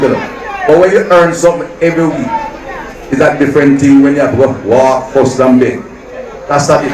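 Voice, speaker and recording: A man with a Jamaican accent giving a political rally speech to party supporters, building his points through emphatic repetition. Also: on the high side. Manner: rousing, repetitive emphatic phrasing. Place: large rally venue. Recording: echoey, far from mic, crowd behind.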